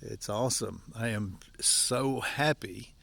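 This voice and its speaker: A man's voice: on the low side, takes it slowly, vocal fry, fairly bright tone. An older man with an Appalachian accent chatting folksily to viewers while working outdoors, out of breath. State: out of breath from physical work. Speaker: vlogger, campground owner. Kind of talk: casual walk-and-talk vlog. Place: outdoors at a wooded campground.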